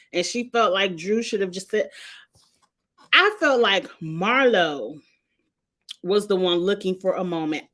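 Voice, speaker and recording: Sassy woman ranting about a show. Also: mid-range voice. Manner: animated, sassy, exasperated commentary. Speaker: reality TV reviewer. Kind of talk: casual recap rant.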